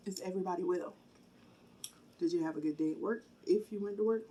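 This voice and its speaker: A woman's voice: on the low side, dark tone. Chatty woman hosting an eating video. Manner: chatty, talks straight to viewers, pauses to chew and hum. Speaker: mukbang host. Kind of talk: casual chat while eating on camera.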